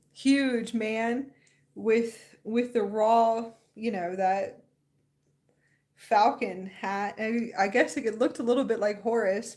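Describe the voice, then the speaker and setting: Young woman, livestream host, rambling casual chat, bursts of laughter, mid-pitched voice. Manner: rambling, excited, laughs often.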